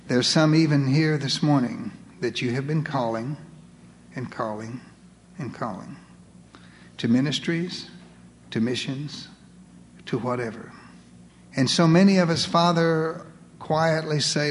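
A man's voice: medium pitch, unhurried, pauses often. A man preaching a sermon with earnest, dramatic, pleading delivery, leading a closing prayer. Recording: reverberant hall, faint background noise.

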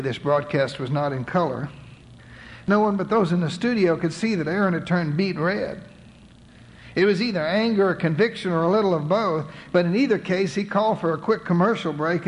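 A man's voice: sits high, low-quality recording. A man narrating a biblical story aloud and voicing its characters, reading scripture with dramatic emphasis.

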